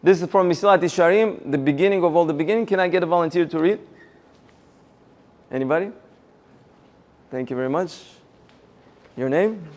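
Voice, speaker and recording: A man giving a motivational seminar talk, energetic and rallying the audience with questions. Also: a little high, a little fast, pauses often. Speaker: seminar speaker.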